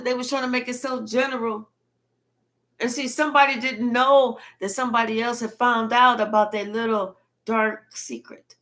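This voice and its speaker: A woman giving a spiritual reading, telling it like a profane, animated story. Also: fairly high pitch, moderate pace. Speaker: tarot reader.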